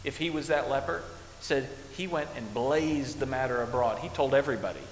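A male pastor preaching a sermon in a church, quoting old scripture and swinging from hushed passages to loud ones. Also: mid-range voice, a little fast. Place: church sanctuary. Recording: echoey hall with faint hiss.

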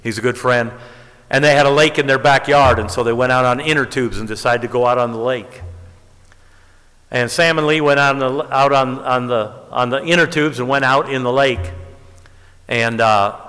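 A man preaching a sermon, telling stories and rising to emphatic high peaks. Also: moderate pace, pushed and bright. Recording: long hall reverb.

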